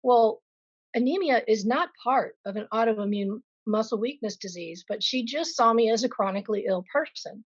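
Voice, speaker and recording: Frank, higher-voiced woman telling her story. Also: animated, moderate pace, dry recording, muffled recording. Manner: frank and vivid, with self-deprecating asides. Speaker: patient sharing her story. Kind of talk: candid personal interview.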